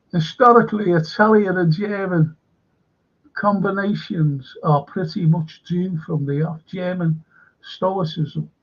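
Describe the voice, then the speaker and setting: A man's voice: fairly high pitch, dull audio. A man hosting a live-stream current-affairs show, ranting with plenty of swearing and greeting viewers in the chat.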